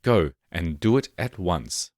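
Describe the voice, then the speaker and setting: Brief: cruel old cook woman, scolding and shrill, storybook villain, done by a deep-voiced man, dry close sound. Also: sing-song, takes it slowly, a little mellow, no room sound, exaggerated voice.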